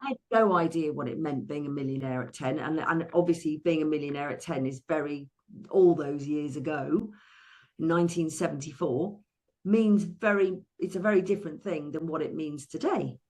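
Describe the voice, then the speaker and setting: An English woman in her sixties, a therapist and money coach, telling her life story as an interview guest in a lively way, with frequent restarts and playful acted-out quotes. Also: deep voice, normal speed. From England. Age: 60s.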